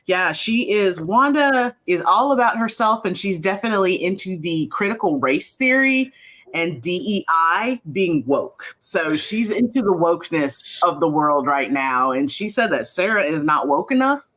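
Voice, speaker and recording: A chatty man with a bright, forceful voice that sits a bit high. He talks loosely about his own animated show, full of ums and little acted-out quotes. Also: moderate pace, low-quality recording. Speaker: indie animation creator. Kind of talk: casual interview chat.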